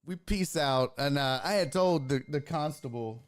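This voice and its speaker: A man's voice: on the high side, moderate pace. A man hosting a sports podcast, telling a story casually and acting out the people in it, with lots of swearing. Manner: animated, profane, acts out voices in his anecdotes.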